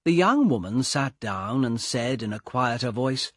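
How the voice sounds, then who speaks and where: Slow, husky male storybook narrator. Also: mid-range voice, lively intonation, dry recording, clean studio sound. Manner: slow, clear, carefully paced reading. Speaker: audiobook narrator. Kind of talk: scripted narration for English learners.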